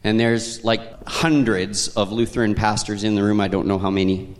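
Pastor preaching in a reverberant church. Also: male voice, on the low side, steady tone, normal speed. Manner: conversational storytelling with chuckles. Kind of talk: sermon. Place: church sanctuary. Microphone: handheld microphone. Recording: long hall reverb.

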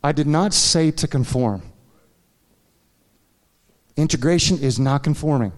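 A man's voice: on the high side, unhurried. Man preaching a candid sermon in a reverberant church. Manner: candid, confessional storytelling with frequent "right?" asides to the congregation. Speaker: pastor. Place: church sanctuary.

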